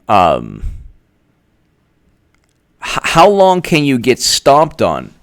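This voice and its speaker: A man delivers a political commentary monologue, his pitch swinging widely as he goes. He talks in a sarcastic, rambling way. The recording is dry and close. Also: clean tone, dry recording. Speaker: political commentator, channel host.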